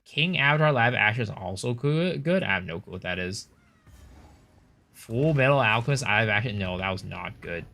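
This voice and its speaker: A man's voice: on the low side, lively intonation, moderate pace, gravelly, pushed and bright. A man streaming a game, chatting casually with his viewers and giving loose, blunt opinions, with some swearing. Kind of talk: casual livestream chat while gaming.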